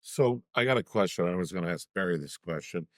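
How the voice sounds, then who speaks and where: Deep-voiced man chatting casually. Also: expressive, brisk, no echo, clean studio sound. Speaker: show co-host. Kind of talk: casual interview chat.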